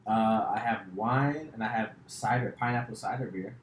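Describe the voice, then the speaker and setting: A man's voice: on the low side, normal speed. Guy hosting a chill podcast, rambly and loose, echoey room, bit of background hiss. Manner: rambling, loose, many fillers and restarts. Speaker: podcast host, comedian. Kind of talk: casual chat.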